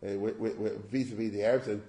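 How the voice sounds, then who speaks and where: A man's voice: lowish voice, steady tone, fast talker, mellow, roomy sound. Man giving a casual, digressive lecture. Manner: conversational, digressive, asks rhetorical questions. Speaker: history lecturer. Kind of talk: informal lecture.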